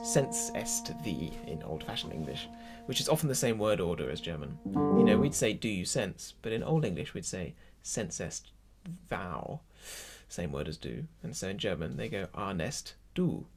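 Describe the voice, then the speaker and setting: A man's voice: fairly low pitch, very animated, moderate pace, loud music behind the voice. A man leading an online choir rehearsal, explaining German pronunciation and musical phrasing and counting the singers in. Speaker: choir leader.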